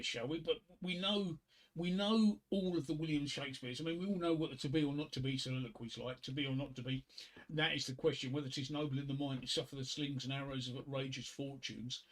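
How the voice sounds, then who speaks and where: A man hosting a livestream, telling crude jokes and reading poetry in a rambling, halting way with many fillers and restarts. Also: fairly high pitch. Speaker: livestream host.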